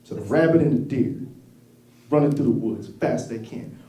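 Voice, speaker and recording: A man's voice: mid-range voice, lively intonation, moderate pace, warm tone. A man doing a stand-up set in a comedy club, profane and laughing at his own jokes. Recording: echoey room from far off, crowd.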